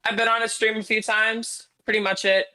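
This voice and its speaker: Fast-talking, defensive woman caller. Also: on the high side, flat delivery, pushed and bright. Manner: defensive, exasperated, swears often. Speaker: interviewed guest on a call-in stream. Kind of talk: heated call-in argument. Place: remote call-in.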